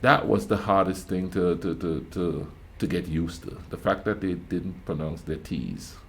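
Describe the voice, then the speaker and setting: A man's voice: sits low, unhurried. A middle-aged man with a Grenadian accent, hosting a reaction video and chatting casually to camera with storytelling asides. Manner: chatty, storytelling, frequent "you know what I mean" asides.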